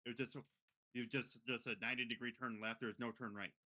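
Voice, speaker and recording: A man's voice: mid-range voice, little pitch movement, fast, bright, forceful tone, poor audio. A man co-hosting a podcast, recalling events in casual chat, often stammering and repeating words. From a reservation community. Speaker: podcast co-host.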